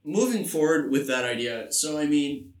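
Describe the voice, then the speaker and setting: A man's voice: fairly high pitch, animated, normal speed, far from the mic. Young man joking in a roomy garage. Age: young adult. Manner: joking, laughs often, crude. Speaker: podcast co-host. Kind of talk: casual podcast banter.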